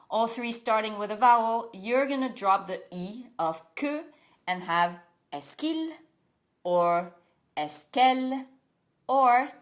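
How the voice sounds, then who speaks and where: A woman with a French accent, a native French speaker, teaching a beginner lesson with a clear, upbeat manner and playful asides. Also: a little high. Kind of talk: language lesson.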